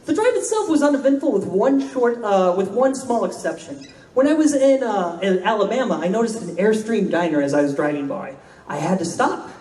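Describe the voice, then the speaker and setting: A man from Florida telling wry, deadpan comic stories on a convention stage. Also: high voice, recorded from a distance. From Florida, United States. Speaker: convention storyteller, comedian. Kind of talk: stand-up storytelling. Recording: roomy hall, voice from afar.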